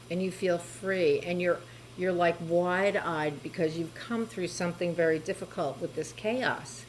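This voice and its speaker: A woman with a fairly low voice talks through a tarot reading in a gentle, reassuring way. She adds small asides to the listener as she goes. A faint hiss sits under her voice. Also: poor audio. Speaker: tarot reader.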